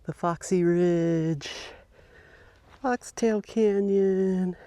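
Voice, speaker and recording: A woman's voice: on the low side, very slow, dark tone. A middle-aged woman chats loosely as she hikes a mountain trail, trailing off and restarting her sentences. The sound is dry and close, with almost no reverb. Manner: chatty and rambling, with many fillers and restarts. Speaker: hiking vlogger. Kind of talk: casual narration while hiking.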